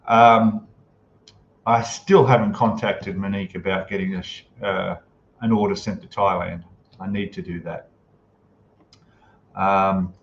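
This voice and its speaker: A man's voice: sits low, reverberant. Male live-stream host, laid-back chatter, dull lo-fi sound with faint noise. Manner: relaxed, chatty, reads out viewer comments and greets them. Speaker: livestream host. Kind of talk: casual live-stream chat. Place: home room, in Thailand.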